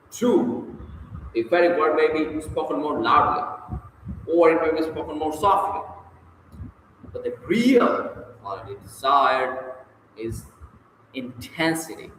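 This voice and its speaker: Man reading aloud in an echoey room. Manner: measured, stresses key words with sharp pitch jumps. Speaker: audiobook reader. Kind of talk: reading a book on public speaking aloud. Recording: very echoey room, long reverb, faint hiss.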